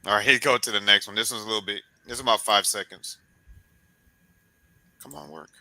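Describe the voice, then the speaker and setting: A man hosting a sports podcast interview, talking in a loose, encouraging, coach-like way and beating out rhythms with repeated boom sounds. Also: brisk, gravelly, background noise. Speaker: podcast host. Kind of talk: casual sports interview chat.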